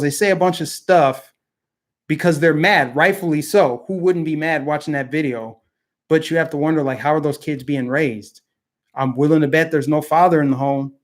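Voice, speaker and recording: A young man hosting a political commentary show, delivering a heated, indignant opinion monologue and mocking the people he criticizes. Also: a little high.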